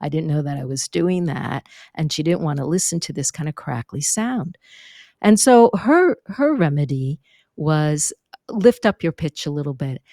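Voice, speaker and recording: A middle-aged woman, a vocal coach, telling stories in an interview, animated and acting out what others said. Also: deep voice, normal speed, dry recording, clean studio sound. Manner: animated, acts out quotes, demonstrates vocal fry. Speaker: speaking and vocal coach, guest. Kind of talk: conversational interview storytelling. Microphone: close microphone.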